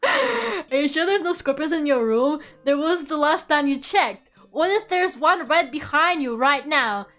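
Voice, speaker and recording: A woman's voice: high voice, lively intonation, unhurried, a bit bright. A young woman streamer chatting casually and reading a book aloud, giggly and sarcastic, swearing and tripping over words. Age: young adult. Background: faint background music.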